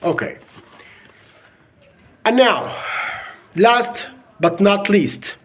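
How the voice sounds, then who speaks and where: Man, native Arabic speaker, English teacher, kids' pronunciation lesson, repeats words, unhurried, sing-song pitch. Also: very animated, fairly bright tone. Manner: drills words by repeating them over and over.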